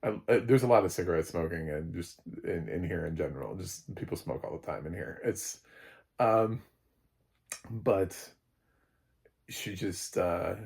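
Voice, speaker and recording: Low-voiced American man, sarcastic film critic. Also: animated, unhurried, creaky, a little mellow. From United States. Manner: blunt, sarcastic, rambling with many fillers. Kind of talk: casual spoken film review.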